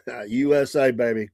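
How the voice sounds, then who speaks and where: A man's voice: mid-range voice, a little mellow, no room sound. A man in the middle of his range runs a casual morning talk show, drifting from story to story and laughing at his own asides. The sound is close and dry, with no room around it, as if he is in a small home studio. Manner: rambling, chuckling often, retells stories.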